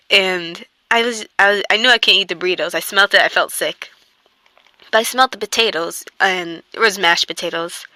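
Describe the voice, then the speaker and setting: Young woman, casual storytime vlog, rambling with lots of fillers, crisp bright tone, dry close mic. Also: medium pitch, no echo. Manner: rambling, filler-heavy, with frequent "like" and "I'm here like". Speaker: vlogger telling a personal story.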